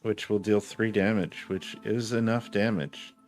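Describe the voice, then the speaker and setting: A man running a tabletop game as game master, giving calm, measured rulings. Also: fairly low pitch, soft background music.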